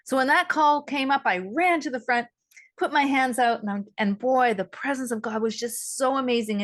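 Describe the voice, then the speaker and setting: A middle-aged woman hosting an interview, telling a story in a lively, animated way. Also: on the high side. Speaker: host.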